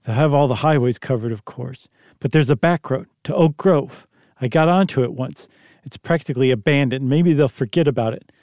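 A man's voice: medium pitch, fairly quick, darkish tone, no echo, clean studio sound, lightly acted. A man reading the part of an urgent, commanding father who barks orders, in a story read aloud.

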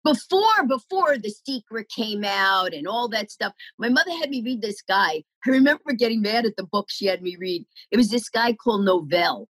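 Middle-aged woman comic, lively storyteller who acts out quotes; husky, dry close sound. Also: medium pitch, moderate pace, few pauses, dry recording, poor audio. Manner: animated, acts out quoted voices. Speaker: comedian guest. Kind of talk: storytelling interview answers.

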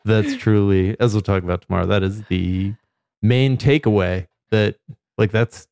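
A man's voice: lowish voice, normal speed, creaky, darkish tone, clean tone, dry recording, clean studio sound. A man hosting a podcast in casual comedic chat, rambling and joking with a co-host.

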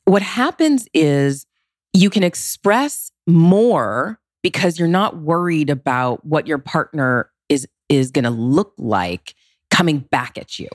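A woman with a low voice explains relationship advice in a podcast interview. She talks expressively, jumping up in pitch for emphasis. The sound is dry and close. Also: animated, slow, dry recording. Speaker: relationship consultant.

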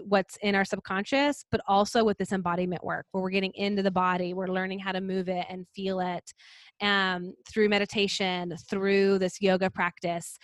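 A woman's voice: medium pitch, a bit bright, no room sound. A woman guest, a yoga and meditation coach, chatting in an upbeat, casual way with lots of fillers. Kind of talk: casual interview chat.

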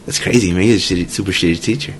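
A man's voice: deep voice, rapid-fire, a little hiss or hum. A man talking casually as a podcast guest, rambling with lots of filler words. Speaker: podcast guest, host's younger brother. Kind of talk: casual chat.

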